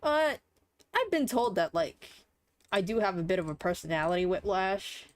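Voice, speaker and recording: A woman's voice: mid-range voice, very animated, moderate pace. Rambling, offhand young woman streamer. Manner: rambling, offhand and casually profane. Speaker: livestreamer. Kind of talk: casual live-stream chat while playing a game.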